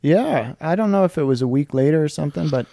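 A man's voice: fairly high pitch, lively intonation, quick pace, gravelly, warm tone, dry recording, studio quality. A man who hosts a priest podcast, chatting casually and teasing his guest playfully.

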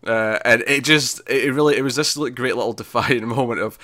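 Bright-voiced man chatting on a podcast. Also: mid-range voice, brisk, dry recording. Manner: animated, laughing retelling with many fillers and restarts. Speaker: podcast host reviewing a TV episode. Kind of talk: casual chat.

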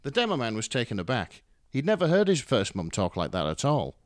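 A man's voice: mid-range voice, huge pitch swings, brisk, no echo, clean studio sound. A man reading a fan story aloud with dramatic, wry narration. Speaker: story reader. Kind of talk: expressive fan fiction reading.

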